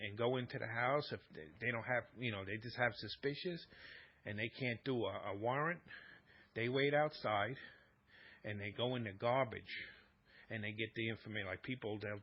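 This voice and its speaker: Husky man rambling through a story. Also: mid-range voice, highs cut off. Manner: rambling, repetitive, acts out both sides of quarrels. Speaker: live-stream talk host. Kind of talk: casual storytelling monologue.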